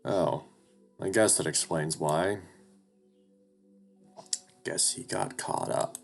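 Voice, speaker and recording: A man's voice: extremely low pitch, very animated, takes it slowly, gravelly, long pauses, soft background music. A young man narrating a story game in first person, casual and rambling, swearing now and then. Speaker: game streamer. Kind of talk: narrating a visual novel playthrough.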